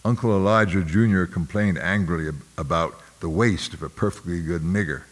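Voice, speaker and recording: A man with a very low voice reads literary fiction aloud at a measured, somber pace. He occasionally clears his throat and restarts a word. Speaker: audiobook narrator. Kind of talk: literary narration read aloud.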